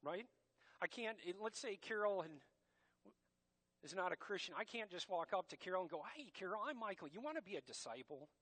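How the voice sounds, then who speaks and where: A man's voice: high voice, animated, a little fast, fairly bright tone. Emphatic male pastor preaching. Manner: emphatic, preacherly, addresses congregation as church. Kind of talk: sermon.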